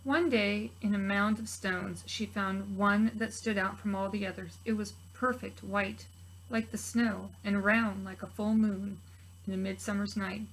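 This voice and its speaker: Gentle woman reading a children's story. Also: medium pitch, fairly even intonation, a little slow, poor audio. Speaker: preschool teacher reading aloud. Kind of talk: children's story read-aloud.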